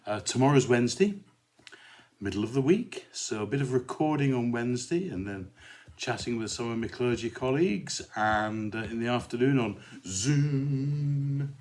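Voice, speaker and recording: A man's voice: mid-range voice, expressive, moderate pace, a little mellow. A male rector hosting his own podcast, reciting a comic poem and chatting in a rambling, easygoing way with many asides. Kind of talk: casual solo chat and poem recitation.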